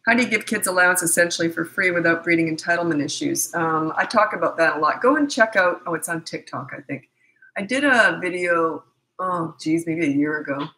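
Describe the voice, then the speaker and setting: Blunt, bright-voiced woman parenting coach. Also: on the low side, lively intonation, fairly quick, low-quality recording. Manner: blunt, emphatic, acts out parent and child exchanges. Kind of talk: casual advice talk.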